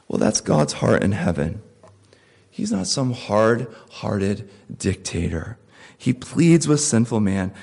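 A man preaching a sermon as a pastor, pleading and emphatic, with wide swings between loud and soft. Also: lowish voice, very animated, slow pace, vocal fry, slightly rough.

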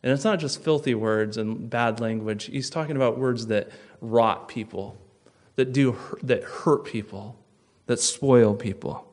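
A man preaching a sermon, telling stories and dropping to a near hush for tense moments before rising for emphasis. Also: medium pitch, unhurried. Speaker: pastor.

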